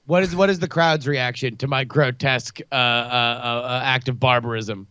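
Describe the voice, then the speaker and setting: A man's voice: mid-range voice, steady tone, normal speed, sharp tone, clear, resonant tone, dry recording. A man joking and stammering as a player in a tabletop game, on a dull lo-fi recording. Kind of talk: tabletop role-play. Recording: dull lo-fi sound.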